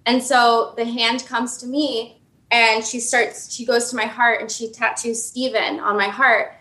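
A woman's voice: a little high, little pitch movement, a little slow, pushed and bright, echoey room. A young woman in her twenties telling a personal dream story casually, full of "like" and restarts. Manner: rambling, emotional, filler-heavy.

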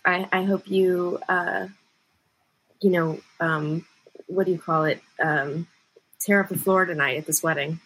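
A woman's voice: fairly low pitch, fairly even intonation, a little slow, fairly bright tone, slightly rough, poor audio. A woman hosting a podcast interview, chatty and giggly in casual conversation. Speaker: podcast host.

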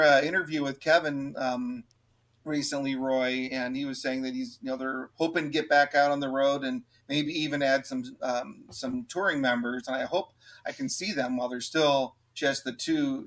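A man co-hosting a podcast, reviewing an album with many pauses and restarts but plenty of enthusiasm. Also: medium pitch, steady tone, fairly bright tone. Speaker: podcast co-host. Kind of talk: casual album review chat.

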